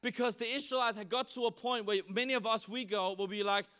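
Bright, high-voiced male preacher. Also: quick pace, clear, resonant tone. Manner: lively, acts out quoted voices with humor. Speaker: pastor. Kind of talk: sermon. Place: church.

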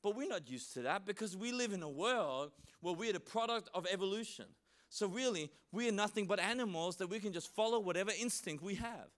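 Bright, high-voiced male preacher. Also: fairly quick. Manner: lively, acts out quoted voices with humor. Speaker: pastor. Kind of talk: sermon. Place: church.

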